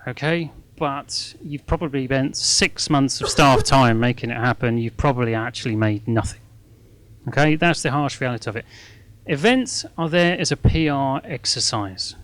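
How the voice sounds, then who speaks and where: With a medium-pitched, somewhat bright voice, a middle-aged man gives a live talk as guest speaker at a fundraising masterclass. His tone is chatty and self-mocking, and "okay?" comes up constantly.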